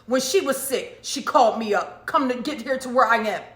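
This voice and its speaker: A woman preacher telling a personal story in an emphatic, animated way, repeating phrases for effect. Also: fairly high pitch, moderate pace, roomy sound. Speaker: prophetess and preacher. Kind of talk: casual storytelling monologue.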